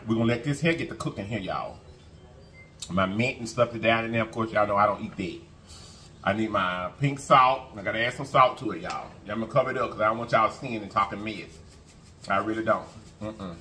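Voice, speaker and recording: A man's voice: on the low side, sharp tone, slight background noise. A man hosting an eating show, chatting casually to his viewers and humming as he eats. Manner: chatty, folksy, keeps addressing viewers, hums while eating. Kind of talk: casual mukbang chat to viewers.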